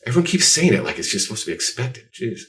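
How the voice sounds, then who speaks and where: A man with a very low voice tells rambling, self-deprecating stories as a podcast guest. He sounds set back from the microphone. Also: very animated, fast, fairly bright tone. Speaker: guest artist. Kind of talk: casual podcast interview. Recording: voice distant from the mic.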